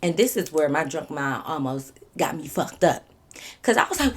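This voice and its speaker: Young woman, slightly low voice, animated casual storyteller who curses freely. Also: fast talker, breathy edge. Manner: animated, swings into loud acted-out quotes, swears freely. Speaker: storytime vlogger.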